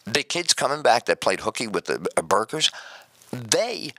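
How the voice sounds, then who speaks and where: A man's voice: medium pitch, moderate pace, dry recording. A male radio talk show host telling a comic story as a rambling monologue and acting out the voices in it. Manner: animated, rambling storyteller who acts out voices.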